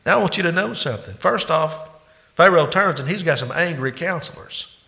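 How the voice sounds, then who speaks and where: A male pastor preaching with a bright, forceful voice. He builds to loud, emphatic peaks and then drops into hushed, intimate asides to his listeners. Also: fairly high pitch, expressive, brisk, creaky. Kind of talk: sermon.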